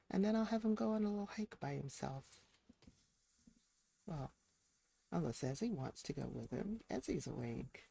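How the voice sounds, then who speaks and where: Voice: mid-range voice, animated, moderate pace, gravelly, pauses often, warm tone, husky. A game streamer chatting casually through a live stream, talking to the characters on screen as they play. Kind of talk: casual live-stream commentary while playing.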